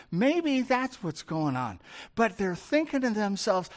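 A pastor preaches in a relaxed, storytelling manner and slips into acted-out scenes. The voice sits mid-pitch and moves with lively, animated rises and falls. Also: measured pace. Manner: storytelling, conversational, acts out scenes. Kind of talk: sermon.

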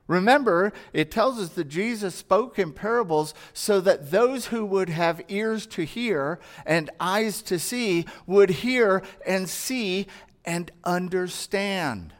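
Male pastor, high voice, unhurried earnest sermon delivery with rhetorical questions. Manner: earnest, conversational, acts out everyday dialogue and asks rhetorical questions.

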